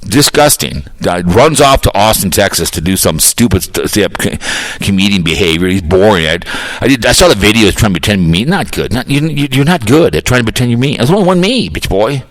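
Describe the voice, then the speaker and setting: A man's voice: on the low side, sing-song, brisk, dry recording, poor audio. An older man hosting a podcast, arguing and ranting with crude, mocking insults. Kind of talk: heated argumentative rant.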